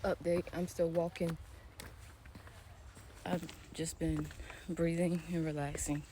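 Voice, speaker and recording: A woman's voice: fairly low pitch, level tone, takes it slowly. A woman vlogging casually while hiking an outdoor trail, talking into a phone held at arm's length in a rambling, chatty way full of fillers and laughs. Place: outdoor nature trail near a pond. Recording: outdoor ambience with clear background noise.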